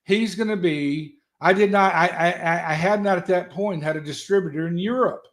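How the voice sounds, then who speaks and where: A man telling stories as a guest in an animated, folksy, loud way. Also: high-pitched, normal speed. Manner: animated, folksy storyteller who talks loud. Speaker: guest, political strategist. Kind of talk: casual motivational talk.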